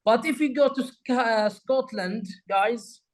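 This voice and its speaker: A man's voice: very high-pitched, takes it slowly, low-quality recording. A man whose first language is Arabic, hosting a talk and explaining English accents, often addressing viewers as "guys" and repeating phrases. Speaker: host.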